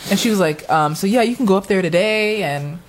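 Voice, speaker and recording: A woman in casual chat, animated as she tells a story and acts out what others said. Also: a little fast, a little hiss or hum. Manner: animated storyteller, acts out quotes with high squeals and laughs.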